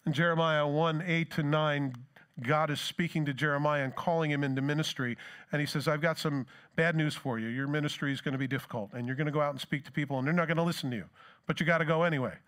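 A man's voice: on the high side, fairly bright tone. A middle-aged man preaching a sermon as pastor, in a conversational way, with rhetorical questions and plain asides.

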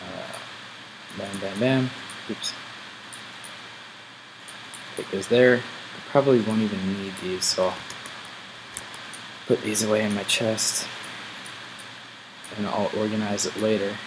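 A man's voice: fairly low pitch, steady tone, slow pace, pauses often, noisy background. A man casually commenting while he plays a game, thinking aloud as he goes. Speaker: gameplay video host.

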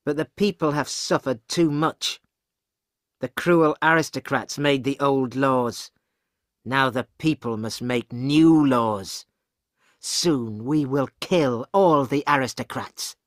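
A man voicing a stern, fierce French wine-shop woman in an audiobook, speaking in a firm, grim, measured way. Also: medium pitch, a bit bright, no room sound, clean studio sound, voice pushed up. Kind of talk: graded reader audiobook acting.

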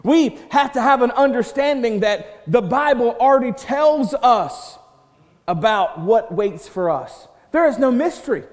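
Preacher with a long church echo. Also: male voice, very high voice, expressive, unhurried. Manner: swings from loud proclaiming to soft hushed quoting; repeats words and restarts when building a point. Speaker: pastor. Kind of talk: sermon. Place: church sanctuary. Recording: church hall reverb.

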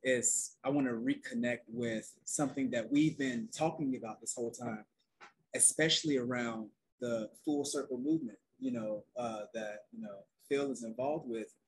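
A soft-spoken young man from North Carolina, talking calmly as a guest in a casual group conversation. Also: mid-range voice, normal speed, a little hiss or hum, poor audio. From North Carolina, USA. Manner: soft-spoken and relaxed, calls it his quiet storm voice. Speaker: guest, outdoor youth program founder.

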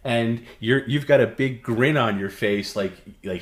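A man co-hosting a livestream, lecturing with halting restarts. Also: fairly low pitch, flat delivery, heavy background noise. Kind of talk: casual chat. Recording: roomy sound over loud music.

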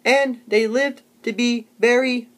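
A young man mimicking a slow, dim teenage boy who stumbles through reading aloud, drawing out each word. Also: very high voice, steady tone, voice pushed up. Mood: halting. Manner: halting, stumbling, drawn-out words.

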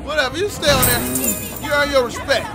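A young man doing loud, profane commentary over a video game, cursing and breaking into sudden shouts at what happens on screen. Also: very high voice, brisk, loud music behind the voice, a loud crowd. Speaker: gaming commentator.

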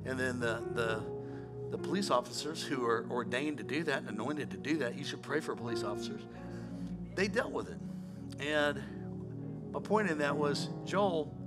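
A middle-aged man preaching a sermon as pastor, animated, moving between quiet storytelling and shouting. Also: medium pitch, moderate pace. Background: music playing.

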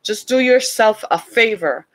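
A woman in her forties giving a sermon-style talk, telling a family story with animated acted-out dialogue. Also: unhurried. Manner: animated storytelling, acting out quoted dialogue in a higher voice. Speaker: speaker addressing a congregation.

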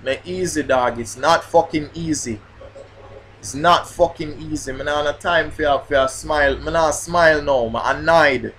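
A man's voice: a little high, steady tone, normal speed, a bit bright, a little hiss or hum. A man, a grime MC ranting in a casual vlog about flubbing his bars, swearing and repeating himself. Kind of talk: casual vlog rant while rehearsing bars.

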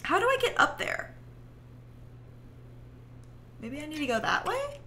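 A young woman chats away while she streams a game, rambling with plenty of "like" and laughing easily as she tells stories. Her voice sits a little high and sounds bright and forward. Her pitch swings widely from word to word. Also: measured pace, slight background noise. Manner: chatty and rambling, heavy use of "like"; animated storyteller who breaks into laughter. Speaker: livestreamer. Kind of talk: casual chat while gaming.

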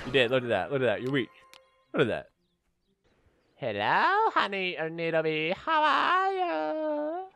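A young man hosting a gaming video, boasting, joking and yelling at the game as he plays. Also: medium pitch, a little hiss or hum. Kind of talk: gameplay commentary.

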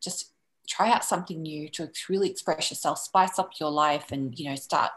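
A woman's voice: sits low, normal speed, fairly bright tone, poor audio. An Australian woman hosting a live online workshop, effusive and rambling, full of filler phrases, speaking over a video call. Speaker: workshop host.

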